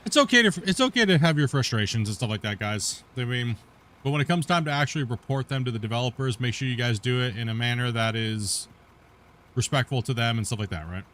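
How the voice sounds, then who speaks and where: A man's voice: mid-range voice, expressive, fast talker, a bit bright, slight background noise. A man streaming a game, chatting casually and rambling, often laughing and swearing, always tacking on "you know" and "right?". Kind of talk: casual gameplay chat.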